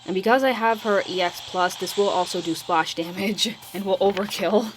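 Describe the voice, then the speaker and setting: Over music and with poor audio quality, a woman who creates mobile game videos offers casual commentary on her gameplay at a moderate pace in a mid-range voice. She rambles hesitantly, trails off, and concedes that she's mumbling.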